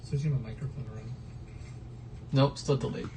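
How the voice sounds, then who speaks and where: A man's voice: mid-range voice, steady tone, moderate pace, creaky, dark tone, slight background noise. A man hosting a casual fantasy football livestream from home late at night, playfully chatting to a baby between remarks. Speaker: fantasy football stream host.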